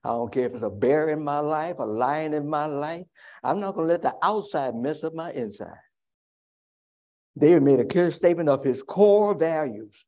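Preaching pastor with a mellow voice. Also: male voice, lively intonation, normal speed. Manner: rises to loud high preaching, drops to soft reflective asides. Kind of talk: sermon.

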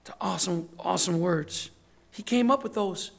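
A man's voice: high voice, moderate pace, gravelly, a bit bright. A man serving as deacon, preaching a sermon in an emphatic, conversational way, with lots of repetition.

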